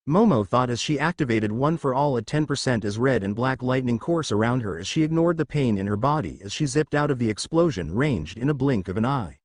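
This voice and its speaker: A man narrating a fan fiction story in a lively reading voice. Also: mid-range voice, no echo, clean studio sound. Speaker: fanfic reader.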